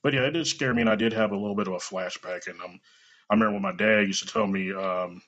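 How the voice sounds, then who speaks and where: A man from Kansas City, chatting casually on a podcast and telling a story with lively quoted voices and a husky, gravelly tone. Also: lowish voice, fast. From Kansas City, United States. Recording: dull lo-fi recording.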